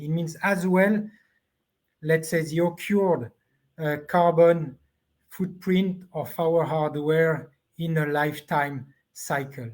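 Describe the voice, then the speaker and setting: Halting man on a panel call. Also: on the high side, darkish tone. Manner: halting, searching for words. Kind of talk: online panel discussion.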